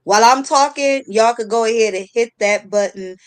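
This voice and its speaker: High-voiced woman telling a story. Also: normal speed, clear, resonant tone. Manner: animated storyteller, acting out voices. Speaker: livestream guest. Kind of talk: casual storytelling chat.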